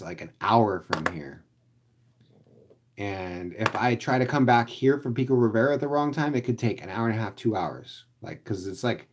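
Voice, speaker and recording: A man's voice: fairly low pitch, background noise. A man who drives for ride-share, chatting casually and rambling, filling his talk with "like" as he answers viewers. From Los Angeles area. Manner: rambling, heavy use of "like". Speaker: rideshare driver vlogger.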